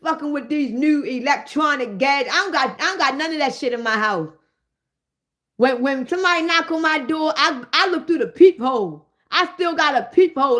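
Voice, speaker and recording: A woman in a comedic rant, swearing freely and calling out to her listeners. Her voice sits high, and her delivery is animated. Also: normal speed. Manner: profane, animated, addressing listeners directly. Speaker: host.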